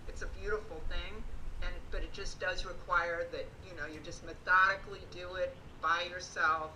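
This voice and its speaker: A woman's voice: lowish voice, steady tone, moderate pace. A woman student in an online class earnestly advising others to practice methodically. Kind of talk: giving advice to the class. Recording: noisy call audio, far from the mic.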